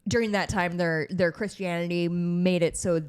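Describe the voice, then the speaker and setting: A woman co-hosting a podcast who talks in casual, quick-witted, sarcastic banter. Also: fairly low pitch, fairly even intonation, clear, resonant tone. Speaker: podcast co-host. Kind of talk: casual chat.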